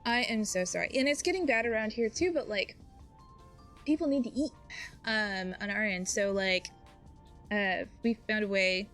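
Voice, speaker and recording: Chatty streamer mom over game music. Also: female voice, medium pitch, moderate pace, a bit bright. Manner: chatty, bubbly, full of fillers and laughs. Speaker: Twitch streamer. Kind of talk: casual chat while playing a video game.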